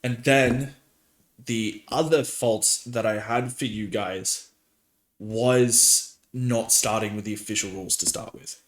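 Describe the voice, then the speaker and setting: A man, a podcast host and dungeon master, chatting casually and telling animated stories with laughter. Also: fairly low pitch, slow pace, roomy sound. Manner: rambling, animated storytelling with laughs.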